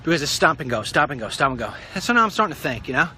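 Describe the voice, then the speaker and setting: A middle-aged man telling a rambling story in a casual vlog, wry and animated. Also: fairly high pitch, very fast, a little hiss or hum. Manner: wry, animated, puts on silly voices for quotes. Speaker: vlogger.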